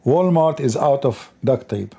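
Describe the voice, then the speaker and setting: Man, call-in host, mellow husky voice, mocking and emphatic. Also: mid-range voice, lively intonation, measured pace. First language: Arabic. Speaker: host of a call-in debate show. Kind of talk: combative live-stream commentary.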